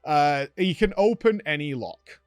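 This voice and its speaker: A man's voice: on the high side, a little slow, clear, resonant tone, no room sound, studio quality. A man from the UK, a streamer hosting a casual show, animatedly recounting a game and acting out the exchanges. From United Kingdom. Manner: animated storytelling, acts out exchanges with "I'm like". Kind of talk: casual gaming recap chat.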